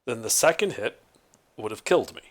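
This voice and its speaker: A man's voice: mid-range voice, expressive, brisk, a bit bright. A man playing a tabletop game over an online call, chatting casually and explaining the rules in detail. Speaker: player.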